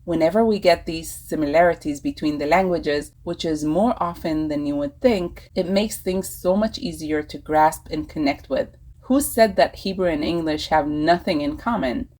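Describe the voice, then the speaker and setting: A young woman giving a scripted language lesson, speaking clearly and repeating phrases slowly to teach them. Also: sits low, darkish tone, rough recording. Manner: clear, slow repetition of phrases. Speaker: Hebrew teacher.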